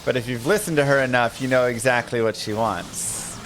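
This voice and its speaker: A man's voice: medium pitch, fairly quick, background noise. A man streaming a game, casually telling rambling anecdotes and laughing often. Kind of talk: casual live-stream chat.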